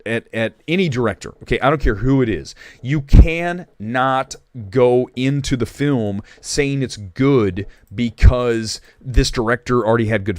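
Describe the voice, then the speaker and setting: A man's voice: mid-range voice, no echo, studio quality. A man hosting a casual livestream movie chat, opinionated and rambling, with restarts and asides. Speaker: movie talk show host.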